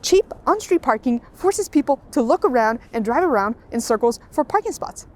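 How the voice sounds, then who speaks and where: Sarcastic, high-voiced woman ranting. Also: lively intonation, moderate pace, a little mellow. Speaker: video essay host. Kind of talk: scripted voice-over commentary.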